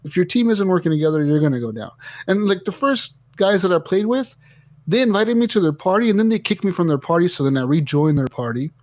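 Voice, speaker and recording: A man hosting a casual gaming podcast, telling stories in an animated way and swearing a lot. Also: high-pitched, fast talker, dry recording. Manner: animated storytelling, heavy swearing. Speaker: podcast host.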